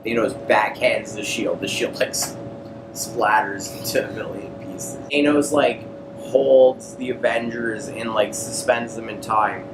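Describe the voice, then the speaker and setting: A man on a podcast, slightly drunk, retelling a comic plot in loose slang and quick character voices. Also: medium pitch, steady tone. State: tipsy. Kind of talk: drunk rambling recap. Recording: roomy echo, clear background noise.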